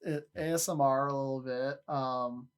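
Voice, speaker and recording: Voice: medium pitch, fairly even intonation, normal speed, clean tone. A livestreamer in casual chat with viewers, rambling, often repeating and restarting words, and laughing easily.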